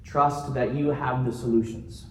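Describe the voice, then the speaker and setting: A man giving a keynote talk to a live audience, telling stories in an animated way and joking along the way. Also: medium pitch, unhurried, slight background noise. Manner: animated storytelling with jokes. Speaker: keynote speaker. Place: conference room. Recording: roomy conference room sound.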